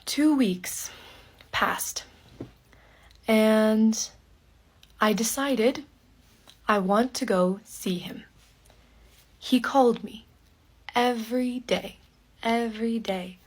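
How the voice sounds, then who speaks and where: Woman, very slow pace, short phrases, breathy half-whisper at times. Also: a little high. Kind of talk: slow personal storytelling for learners.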